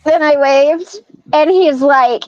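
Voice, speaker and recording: A woman's voice: high voice, slow pace, no echo. A woman telling a long personal story in casual chat, acting out the voices of the people in it. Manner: animated storyteller acting out quoted dialogue. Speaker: podcast guest. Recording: dull lo-fi sound.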